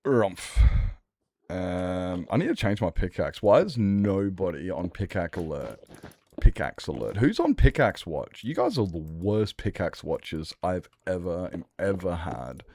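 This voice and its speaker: A man's voice: sits low, big pitch swings, a little slow, a little mellow. A man chatting casually and swearing while he streams a game, breaking into laughter as he tells stories. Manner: sweary, storytelling, laughs often. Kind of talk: casual gaming stream chat.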